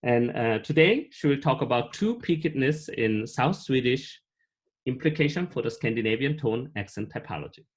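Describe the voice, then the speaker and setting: A man's voice: mid-range voice, lively intonation, normal speed. A man hosting an academic colloquium, introducing the speaker formally with many hesitant fillers. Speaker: colloquium host.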